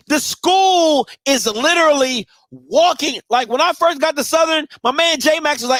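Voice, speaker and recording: On his live sports talk show, this host delivers a profane, casual rant at a slightly slow pace, swinging from quiet muttering up to shouting. The sound has no echo.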